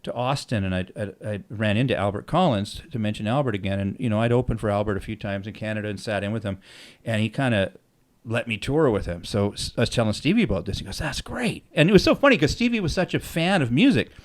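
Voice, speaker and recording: Quick-paced and lowish, a middle-aged man spins casual stories for his podcast audience. He swears freely and animatedly performs every line of dialogue he quotes.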